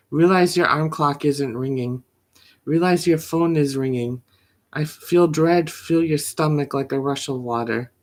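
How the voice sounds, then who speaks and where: A poet reads slowly and deliberately, often dropping to a hush. The pitch sits in the middle. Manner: slow, measured, often hushed reading. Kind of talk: poetry reading.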